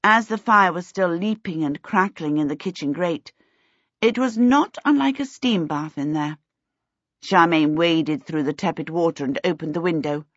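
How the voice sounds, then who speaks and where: A woman reading a storybook aloud in a measured, expressive narration. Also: lowish voice, no room sound, muffled recording. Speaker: audiobook narrator.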